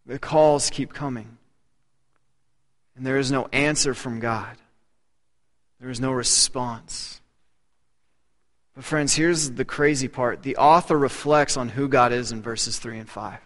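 A man in his thirties preaching a sermon, earnest, often dropping to a hushed voice to press a point. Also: medium pitch, takes it slowly, long pauses. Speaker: pastor. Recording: long hall reverb.

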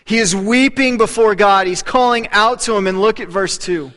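Earnest guy in his 30s preaching, highish voice, goes quiet for the big points, long echo like a big hall. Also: normal speed. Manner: earnest preaching, dropping to a hush on key points. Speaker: pastor. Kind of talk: sermon.

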